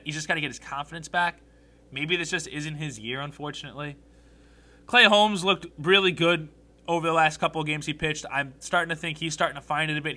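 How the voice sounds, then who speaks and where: A young man hosts his own sports podcast with a very bright, slightly high voice. He talks in a blunt, animated rush and swears freely as he rants about players and games. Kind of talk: solo sports commentary podcast.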